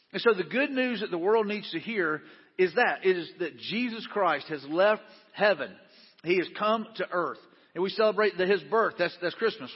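High-voiced pastor preaching in a reverberant hall. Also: male voice, slightly rough, dull audio. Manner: earnest, conversational preaching with frequent "man" and restarts. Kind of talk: sermon.

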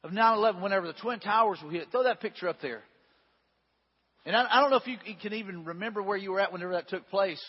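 A man's voice: sits high, quick pace, slightly rough. A man preaching a sermon, reading a scripture story aloud and adding folksy, conversational asides with frequent restarts. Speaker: pastor. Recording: dull sound with long hall reverb.

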